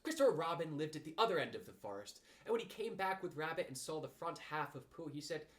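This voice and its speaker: Animated man reading a storybook. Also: a little high, quick pace. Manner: animated, expressive. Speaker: audiobook reader.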